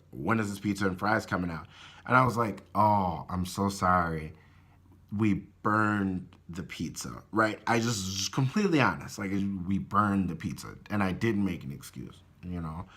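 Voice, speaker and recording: A man telling a story in a casual vlog, swearing often and talking in an animated way. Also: on the low side, husky. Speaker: vlogger.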